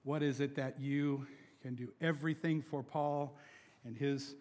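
This is a young adult male pastor giving an animated sermon, dropping to a hush for scripture and rising to loud, laughter-filled emphasis. His mid-range voice takes an unhurried pace within a big-room sound.

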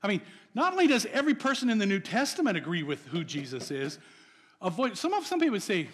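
A man preaching with a high, ringing voice that carries a long reverb tail, as if he stands in a large hall. He swings between loud emphatic phrases and quiet, hushed lines, and keeps asking his listeners questions. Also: very animated, fast, breathy edge. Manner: asks the audience questions. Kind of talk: sermon.

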